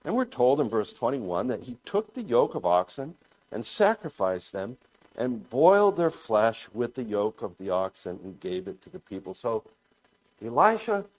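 A pastor with a mid-range voice preaches a sermon, deliberate and thoughtful. As he explains scripture, he often pauses and restarts his phrases.

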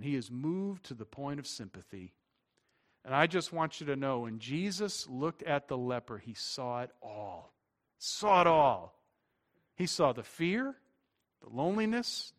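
A middle-aged man preaches with a fairly high voice. He moves between emphatic, raised lines and quiet, hushed ones as he talks to his congregation. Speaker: pastor. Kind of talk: sermon.

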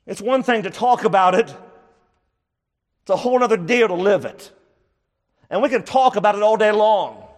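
Emphatic high-voiced male preacher. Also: lively intonation, normal speed, long pauses, big-room sound. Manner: emphatic, repeats key phrases for stress. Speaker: pastor. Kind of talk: sermon.

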